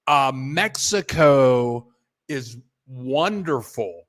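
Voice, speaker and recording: A man hosting a casual livestream, rambling in a halting, repetitive way, thanking viewers and restarting his sentences as he chats from his computer at home. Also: mid-range voice, expressive. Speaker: livestream host reading viewer donations.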